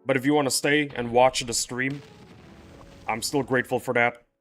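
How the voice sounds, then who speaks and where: A man's voice: medium pitch, fairly even intonation, normal speed, a bit bright, faint music behind. A man livestreaming a game, chatting casually with his viewers in a playful, rambling, teasing way. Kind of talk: casual chat with live viewers.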